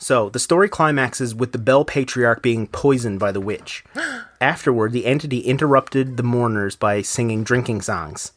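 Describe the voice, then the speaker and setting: A man's voice: mid-range voice, moderate pace, no echo. A man hosting a casual podcast, reading a ghost story aloud and then breaking off to comment on it with loose, swearing asides.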